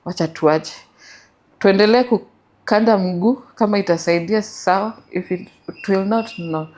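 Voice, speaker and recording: A woman's voice: medium pitch, measured pace, a little mellow. A middle-aged woman with a Kenyan accent, telling her story as an interview guest and mixing English with Swahili.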